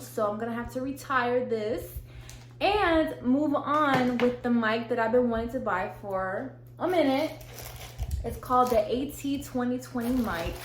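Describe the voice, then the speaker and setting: A young woman, gushing and slangy as she unboxes gear in a casual vlog. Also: on the high side. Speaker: vlogger. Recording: echoey room, faint hiss.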